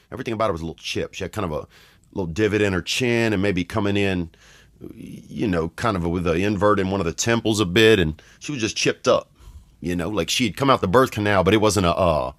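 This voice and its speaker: A man's voice: sits low, dry recording, clean studio sound. A man with a Southern US accent telling a comic childhood story on his podcast, rambling and restarting his sentences with slangy asides. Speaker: podcast host. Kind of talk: comedic storytelling.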